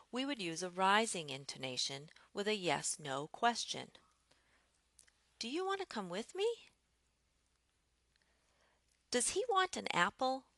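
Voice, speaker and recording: Woman teaching english intonation, slow and careful, bit of vocal fry. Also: fairly low pitch, fairly bright tone, no room sound, studio quality. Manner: slow, clear, deliberate delivery. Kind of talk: scripted lesson narration.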